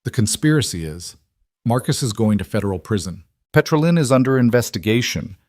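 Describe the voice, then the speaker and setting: A man's voice: medium pitch, big pitch swings, brisk, darkish tone, dry recording, studio quality, lightly acted. A man reading the lines of a fierce, protective woman executive in a firm, emotional tone. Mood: earnest.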